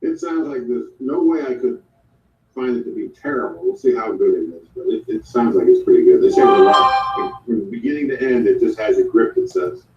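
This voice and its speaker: A man co-hosting a casual chat, talking haltingly with many restarts. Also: mid-range voice, lively intonation, soft background music. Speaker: co-host. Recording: dull, echoey sound from far off.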